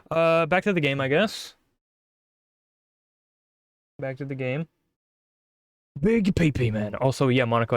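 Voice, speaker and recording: A man streaming a game, reacting in excitable, casual talk with swearing and stammers. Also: mid-range voice, clean tone, no room sound, studio quality. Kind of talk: casual gaming commentary.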